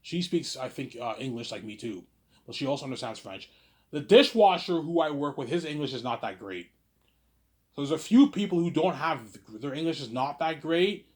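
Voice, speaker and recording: Here the host, a man from Quebec, sounds fairly high and slightly mellow, with lively intonation at a moderate pace. Reading viewers' questions on his casual stream, he rambles, restarts with a stammer, repeats things, and says "obviously" constantly.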